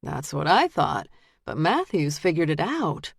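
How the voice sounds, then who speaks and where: A woman doing a cold, soft-spoken killer cop. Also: low voice, measured pace, creaky, slightly rough, no echo, clean studio sound, exaggerated voice. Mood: cold menace. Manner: quiet, flat, menacing. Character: cold, calm murderous male detective.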